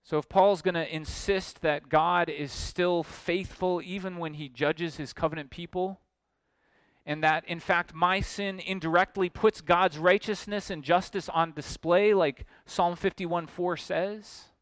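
A man preaching an expository sermon, emphatic and building to forceful points. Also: high voice, fairly even intonation, a little slow, no room sound. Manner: emphatic, rising to forceful exclamations.

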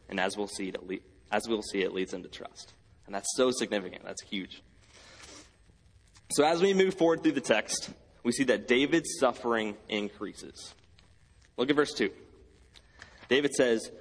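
A man's voice: medium pitch, big-room sound, low-quality recording. A man preaching a sermon as pastor, earnest, repeating key phrases for emphasis. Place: church sanctuary.

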